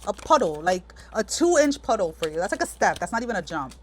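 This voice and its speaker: A woman's voice: medium pitch, sing-song, measured pace, a little hiss or hum. A woman giving a casual pick-a-card tarot reading, talking frankly and rambling with lots of fillers and restarts. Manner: chatty, meandering, many fillers and restarts; frank, direct address to the viewer. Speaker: tarot reader.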